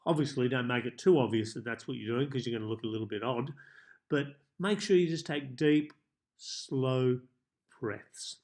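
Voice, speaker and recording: A male life coach offers self-help tips to viewers in a monologue, speaking calmly and in a measured way with deliberate pauses. His voice is medium-pitched.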